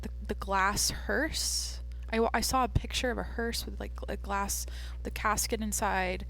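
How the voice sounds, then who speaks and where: A young woman hosting her own podcast, chatting casually in a rambling, jokey way with lots of fillers and a deadpan streak. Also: medium pitch, a little slow. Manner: self-described deadpan. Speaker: podcast host. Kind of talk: casual solo podcast chat.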